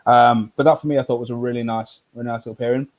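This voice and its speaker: A man's voice: medium pitch, fast talker, narrow, tinny audio. Rambling man hosting a whisky tasting. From United Kingdom. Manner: relaxed, rambling, many fillers and restarts. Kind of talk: casual live tasting chat.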